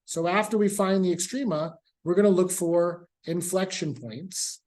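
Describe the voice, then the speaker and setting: Speaking at normal speed in a high-pitched, slightly mellow voice, a man lectures a calculus class as a math professor. He keeps things casual and conversational and goes over his key points repeatedly.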